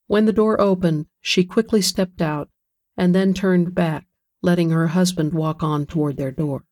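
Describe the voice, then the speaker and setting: A narrator reading a novel aloud in an even, measured storytelling manner. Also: medium pitch. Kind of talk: audiobook narration.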